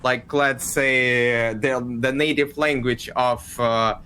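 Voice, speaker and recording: A man's voice: mid-range voice, fairly even intonation, takes it slowly, pushed and bright, clear, resonant tone. A man in casual podcast chat, hesitant, often restarting and repeating his words.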